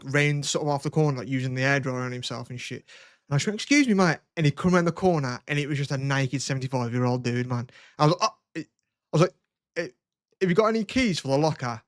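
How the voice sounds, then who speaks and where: A man's voice: medium pitch, no room sound, clean studio sound. A young man hosting a podcast, telling crude rambling stories in casual chat. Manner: rambling storytelling, swears a lot. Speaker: podcast host.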